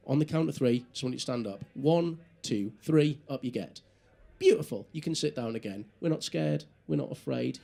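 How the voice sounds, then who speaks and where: A man doing live stand-up comedy, telling a story with animated asides and talking directly to the audience. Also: medium pitch, creaky. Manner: animated, acts out inner voices, audience asides.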